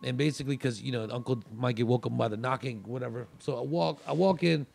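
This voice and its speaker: A man's voice: mid-range voice, fast, gravelly, darkish tone. A male comedian guest on a podcast telling a story in a loose, rambling way with many restarts. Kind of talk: casual storytelling.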